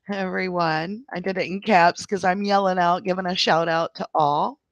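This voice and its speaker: A woman's voice: lowish voice, steady tone, a little slow, dry recording, lo-fi sound. A woman hosting a livestream, ranting at length in an exasperated voice and talking straight to her viewers. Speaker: livestream host.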